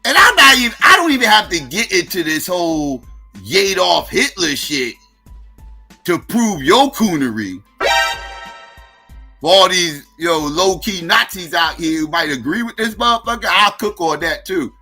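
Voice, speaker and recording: A man commenting on a livestream in a profane, incredulous rant that swings from loud outbursts to mutters. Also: high voice, very animated, measured pace, faint music behind.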